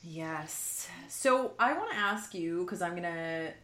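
Chatty woman host, rather low voice. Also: lively intonation, slow, pushed and bright. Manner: bubbly, chatty, says "like" often, laughs easily. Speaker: podcast host. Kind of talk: casual podcast conversation.

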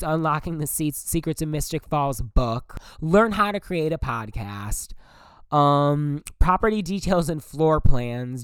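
A young man hosts his own podcast in a loose, rambling monologue, blunt and full of swearing and "like". His voice is smooth and resonant. It is recorded close and completely dry. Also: a little high, no room sound. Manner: blunt, profane and rambling, with many "like" fillers. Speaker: podcast host. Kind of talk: casual solo podcast monologue.

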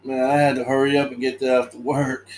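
A man's voice: mid-range voice, level tone, fast talker, darkish tone, a little hiss or hum. A man casually recapping a movie in a laid-back way, laughing often and acting out lines.

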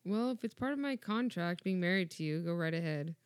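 A woman's voice: fairly low pitch, animated, fairly quick, clear, resonant tone, dry recording. Dry, teasing woman podcast guest. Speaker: guest, host's wife. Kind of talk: casual comedic podcast banter.

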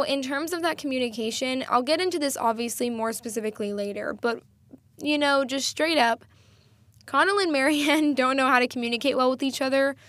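A woman's voice: fairly high pitch, fairly bright tone, dry recording. Chatty young woman podcaster, close and dry. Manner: chatty, enthusiastic, self-deprecating, laughs often. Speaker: podcast host. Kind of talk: solo podcast talk.

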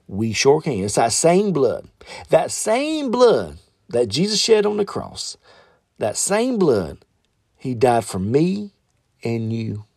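A man's voice: creaky, a little mellow, slightly rough, no room sound, clean studio sound. A man preaching a podcast sermon and leading prayer, fervent, often calling out hallelujah and correcting himself as he goes. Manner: fervent, repeats hallelujah, swings from high exclamations to low prayer; loose, self-correcting delivery.

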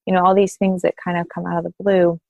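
Low, flat-toned woman doula, gentle and reflective; slight fry. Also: quick pace, dry recording, lo-fi sound. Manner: thoughtful, gentle, with soft laughs. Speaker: postpartum doula. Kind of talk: interview conversation.

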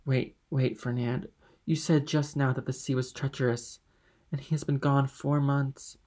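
A man's voice: mid-range voice, little pitch movement, unhurried, a little mellow, lightly acted. A man reading aloud and voicing a passionate, loyal young woman who speaks with raised emphasis. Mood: impassioned.

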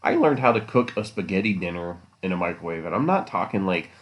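Low-voiced man rambling through a podcast. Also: lively intonation, quick pace, muffled recording. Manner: rambling, joking, teasing listeners. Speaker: podcast host. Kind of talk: casual solo monologue.

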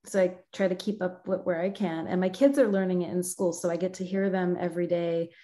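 Mellow-voiced woman guest, laughing often. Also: fairly low pitch, level tone, fairly quick. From United States. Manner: friendly, laughs often, thoughtful. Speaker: guest, localization professional. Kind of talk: podcast interview answers.

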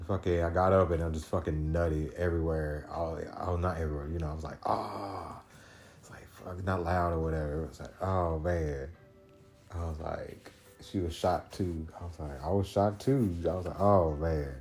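A man's voice: sits low, steady tone, fairly quick, hardly any pauses, darkish tone, faint music behind. A man hosting a podcast, telling a story in a casual solo monologue, loose and profane, with many restarts. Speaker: podcast host.

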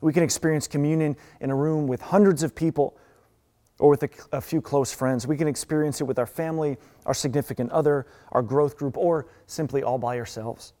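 A man's voice: fairly high pitch, fairly even intonation, fairly quick, warm tone. A man preaching a sermon as pastor, earnest and emphatic, often restarting his words. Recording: long reverb.

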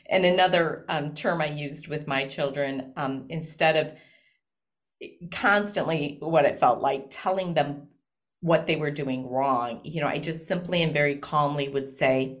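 A woman guest talking casually in an interview, animated and laughing often, with frequent fillers. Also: sits low, unhurried. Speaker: guest, speaker and parent.

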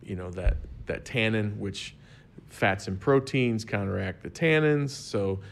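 Laid-back man explaining with a low voice. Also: expressive, measured pace, creaky, a little hiss or hum. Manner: easygoing, explains with everyday examples. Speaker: wine expert guest. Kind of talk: casual explanatory chat.

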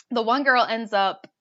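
A young woman tells a story in a casual, animated way and keeps saying "like." Her voice sits a bit high, and the recording sounds dull and lo-fi. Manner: animated, lots of "like" fillers, laughs while telling. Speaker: storyteller guest.

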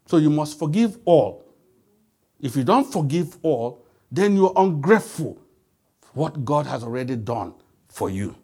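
A man's voice: fairly high pitch, very animated, normal speed, long pauses. A man preaching a sermon, emphatic and quizzing the congregation with call-and-response questions.

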